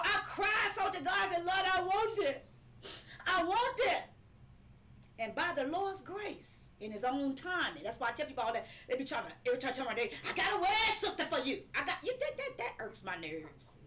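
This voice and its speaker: A woman's voice: high voice, sharp tone. A woman preaching a live-streamed sermon, emphatic and repetitive, sometimes breaking into laughing cries.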